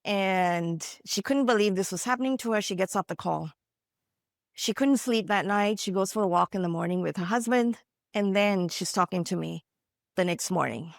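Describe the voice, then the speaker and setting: A woman's voice: medium pitch, moderate pace, vocal fry, dry recording, clean studio sound. A woman from India giving a motivational keynote, telling stories in an earnest, conversational way with frequent asides to the audience. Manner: earnest, conversational, frequent "you know" and "right?". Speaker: keynote speaker.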